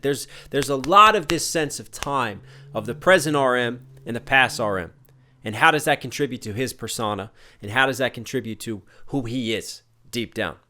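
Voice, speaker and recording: A man's voice: medium pitch, sharp tone. Thoughtful man breaking down lyrics. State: tired. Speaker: rapper reacting to a music video. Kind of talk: casual reaction commentary.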